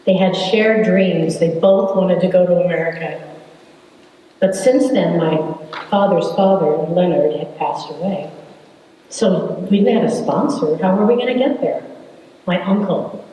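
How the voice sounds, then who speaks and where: A woman in her seventies telling her family's story to an audience, wry and unhurried, with dramatic pauses. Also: on the low side, warm tone, a little hiss or hum. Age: 70s. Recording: echoey hall from far off.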